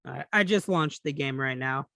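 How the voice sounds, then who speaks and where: A man co-hosting a podcast, chatting casually and relaxed about video games, swearing now and then. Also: mid-range voice, moderate pace, creaky, no room sound. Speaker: podcast co-host. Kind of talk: casual gaming chat.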